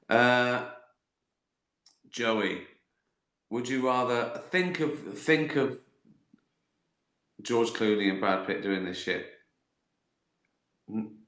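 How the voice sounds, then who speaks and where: A man's voice: medium pitch, fairly bright tone. Giggly, swearing man in an echoey room. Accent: West Country English. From West Country, England. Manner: profane, giggly, rambling comic storytelling. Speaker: host answering viewer questions. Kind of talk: casual livestream chat.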